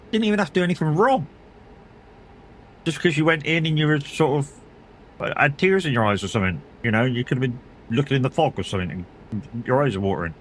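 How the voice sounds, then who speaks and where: A man's voice: medium pitch, big pitch swings, brisk, fairly bright tone, a little hiss or hum. Sweary, rambling middle-aged man. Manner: rambling, sweary, laughs often. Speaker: streamer. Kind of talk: casual chat while gaming.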